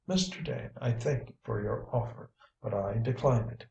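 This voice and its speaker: A man reading a quietly firm young woman. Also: medium pitch, moderate pace, creaky, dull audio. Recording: roomy, distant mic.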